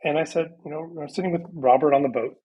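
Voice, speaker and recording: Man, 30s, husky voice, fairly high pitch, lively storyteller, podcast guest on a video call. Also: fast, poor audio. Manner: lively storyteller who acts out conversations. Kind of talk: casual storytelling interview.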